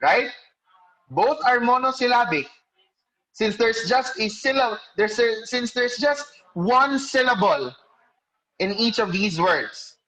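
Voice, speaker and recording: A male teacher giving an online class lecture over a video call. He explains slowly, quizzes students by name and corrects himself mid-sentence. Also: very high-pitched, animated, sharp tone, rough recording.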